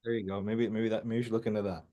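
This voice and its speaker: Low-voiced man coaching plainly. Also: little pitch movement, rapid-fire, dark tone. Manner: direct and emphatic, repeats points for clarity. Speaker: business coach. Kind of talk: coaching video call. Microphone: video call.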